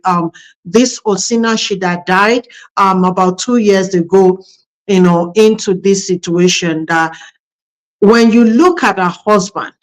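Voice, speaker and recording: Woman pastor-host, reflective storyteller, lots of "um" and "you know", mid-pitched. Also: poor audio. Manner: reflective, tells anecdotes with many fillers. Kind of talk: conversational talk on marriage.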